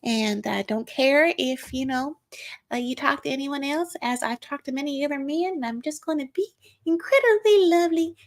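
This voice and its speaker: A woman putting on a Southern accent to mock a brash middle-aged woman who pretends to be sweet and soft-spoken, in a sing-song drawl. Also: high-pitched, moderate pace, pitched above the performer's own voice. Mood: fake sweet. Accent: Southern US, put on.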